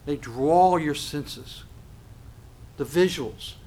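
A man preaching a sermon on scripture, animated, acting out little dialogues and often laughing. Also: a little high, very slow, a little hiss or hum.

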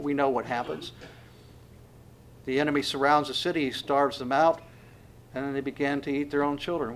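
A man preaching an expository sermon, reading scripture verses and pressing them home emphatically, rising loud on the quotes. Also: a little high.

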